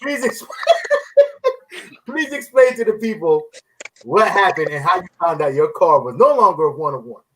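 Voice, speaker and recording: Eager high-voiced host, noisy recording. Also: male voice, sing-song, moderate pace, long pauses. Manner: eager, stumbling over repeated words as he sets up questions. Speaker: podcast host. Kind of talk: casual podcast interview.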